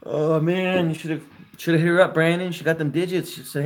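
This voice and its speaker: A man's voice: on the high side, a little fast, faint music behind. A young man in his twenties hosting a casual live stream, chatting with viewers and giving friendly advice.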